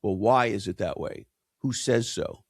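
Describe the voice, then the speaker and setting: A man's voice: on the low side, unhurried, no echo, studio quality. A man speaking as an interview guest, emphatic and punchy, tossing out rhetorical questions. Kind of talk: conversational interview.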